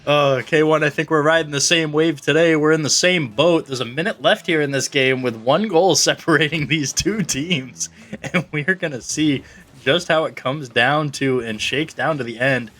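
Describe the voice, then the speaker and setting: A man's voice: fairly high pitch, moderate pace, fairly bright tone. A man calling an esports match play-by-play, joking with his co-caster. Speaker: esports commentator. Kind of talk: play-by-play commentary.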